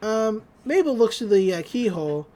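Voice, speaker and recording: A woman co-hosting a podcast, retelling a cartoon episode in a chatty, wry way. She laughs often, and her pitch moves around a lot as she tells it. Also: sing-song, moderate pace, dark tone. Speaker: podcast co-host. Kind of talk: casual episode recap.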